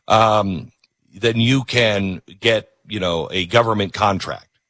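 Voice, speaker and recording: A man's voice: on the low side, slow, fairly bright tone, no echo, clean studio sound. A man hosting a talk radio show, talking in an incredulous, sarcastic way. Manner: incredulous, sarcastic, with mock role-play.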